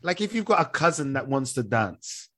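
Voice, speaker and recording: Man, podcast co-host, mid-pitched, teasing and playful, sets up questions. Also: sing-song, moderate pace, bright, forceful tone. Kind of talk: casual podcast chat.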